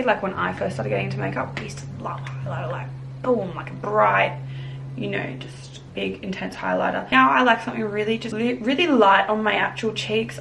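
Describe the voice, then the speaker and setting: A woman's voice: mid-range voice, gravelly, background noise. A woman chatting through a makeup tutorial in her bedroom, bubbly and chatty, calling everything little. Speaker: makeup vlogger. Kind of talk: casual tutorial chat.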